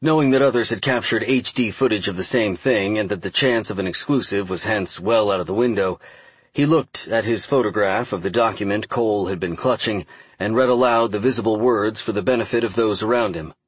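A man giving steady, measured audiobook narration. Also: lowish voice, husky, no echo. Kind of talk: scripted narration.

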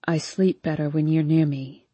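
A brooding, moody young man murmuring low and curt, his tone dark and mellow, as a woman narrator puts him on. The voice is slightly husky and close, recorded in a dry space for an audiobook. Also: fairly even intonation, moderate pace, dry recording. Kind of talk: audiobook character voice.

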